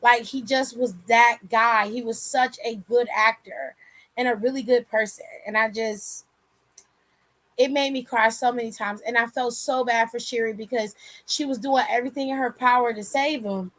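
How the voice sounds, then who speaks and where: Woman, high voice, AAVE, casual livestream host, candid and profane, dry room. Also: fairly even intonation, normal speed, a bit bright, no echo. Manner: candid, swears freely, laughs often. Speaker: aftershow host reading chat.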